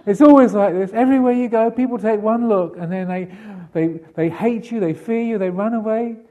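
A man's voice: high voice, fairly quick, phone-quality sound, voice pushed up, close to an everyday voice. A man voicing Death as a lonely skeleton reaper who complains tearfully that everyone hates and fears him. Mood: whining. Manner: whining, complaining, plaintive.

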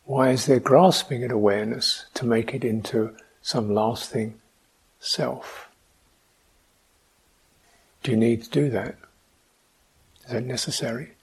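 A man giving a reflective meditation talk, speaking slowly, asking questions and adding soft hums between points. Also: medium pitch, fairly even intonation, husky. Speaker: meditation teacher. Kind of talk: dharma talk.

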